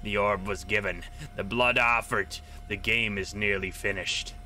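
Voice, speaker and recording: Man putting on a menacing game figure, deep slow voice, cold and commanding, bright edge. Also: fairly even intonation, slight background noise. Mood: sinister. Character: sinister seated figure in top hat, cold and commanding.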